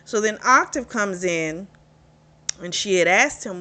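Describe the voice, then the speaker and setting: A woman's voice: mid-range voice, animated, unhurried, bright, forceful tone. Chatty, candid woman recapping a novel. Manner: candid, chatty, swears freely. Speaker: book reviewer. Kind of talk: casual book recap.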